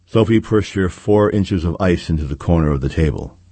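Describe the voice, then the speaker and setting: A man reading a story aloud at a measured, steady pace, saying "quote" and "end quote" around each line of dialogue. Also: low voice, slightly rough, no echo. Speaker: narrator. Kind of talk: audiobook reading.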